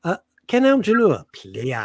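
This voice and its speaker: A middle-aged man trading jokes on a radio show, his pitch leaping around as he teases his co-host. The sound is dry and close, with little room in it. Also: huge pitch swings, a little mellow, dry recording. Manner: teasing, jokey, quick to mock his co-host. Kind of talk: bantering radio chat. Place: home setup with a loud industrial fan behind him.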